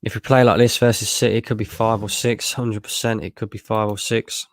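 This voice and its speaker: Tired, frustrated football fan. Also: male voice, on the low side, level tone, fairly quick, no echo, studio quality. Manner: frustrated, blunt, swears freely. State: tired after a long work shift. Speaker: fan channel streamer. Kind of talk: live match watchalong commentary.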